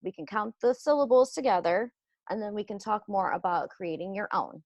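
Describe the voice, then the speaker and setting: Woman, teacher, patient step-by-step lesson for kids, gravelly edge, dry close sound. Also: medium pitch, animated, a little mellow, no room sound, muffled recording. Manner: slow, patient, explaining step by step. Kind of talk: classroom lesson for children.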